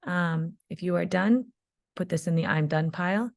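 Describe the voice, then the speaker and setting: A woman's voice: fairly low pitch, normal speed, gravelly, darkish tone, no room sound. A woman teaching a phonics spelling lesson to young children, patiently sounding out words letter by letter.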